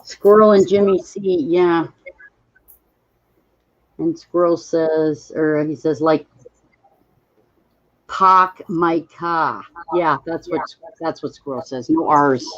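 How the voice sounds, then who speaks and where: A woman's voice: low-pitched, fairly even intonation, slow, darkish tone, dry recording, lo-fi sound. A woman hosting a live stream, chatting casually and reading out viewer comments as they come in. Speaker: livestream host.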